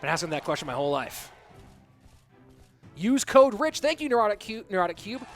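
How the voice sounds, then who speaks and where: A man's voice: sits high, big pitch swings, very fast, a bit bright, soft background music. A man casting a competitive game on his live stream, chatty and jokey, answering his chat between plays. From United States. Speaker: esports caster and streamer.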